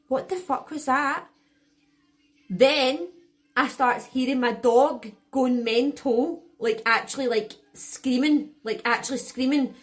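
A young woman with a slightly high voice tells a story to camera. She rambles through it with lots of fillers and swearing. She still sounds shaken and jittery. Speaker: vlogger.

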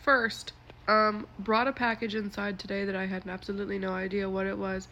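A woman's voice: mid-range voice, little pitch movement, vocal fry, sharp tone, muffled recording, slight background noise. A woman telling a casual, chatty story with frequent swearing and laughter. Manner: chatty and profane, quick to laugh.

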